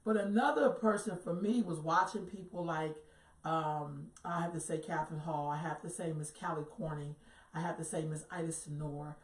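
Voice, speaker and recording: A woman's voice: deep voice, fairly even intonation, moderate pace. Earthy, storytelling woman in an echoey room. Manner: storytelling, earthy, emphatic, swears casually. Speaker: co-host. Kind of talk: casual talk show chat. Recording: roomy echo, far from the mic.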